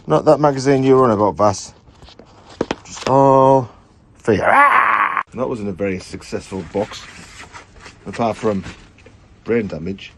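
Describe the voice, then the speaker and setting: On a laid-back livestream, a British co-host shows off his collection, sorting through old tapes and magazines while muttering and exclaiming to himself. His voice is on the low side and darkish, and there's slight background noise.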